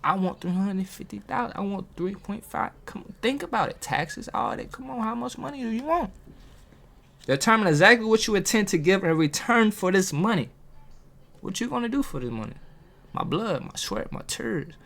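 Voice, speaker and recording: In a high, expressive and somewhat bright voice with some vocal fry, a motivational video host speaks briskly from a table where he films himself. His talk is casual but preachy, full of rhetorical questions for viewers.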